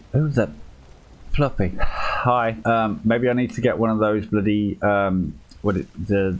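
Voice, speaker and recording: A man's voice: lowish voice, low-quality recording. A man chatting through a live game stream, joking and swearing in exasperation. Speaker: gaming streamer. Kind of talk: live-streamed gameplay chat.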